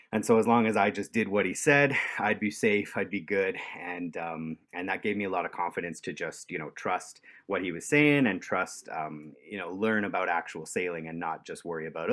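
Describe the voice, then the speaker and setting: Low-voiced man telling a story. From Canada. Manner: relaxed, chuckling, many fillers. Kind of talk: casual storytelling.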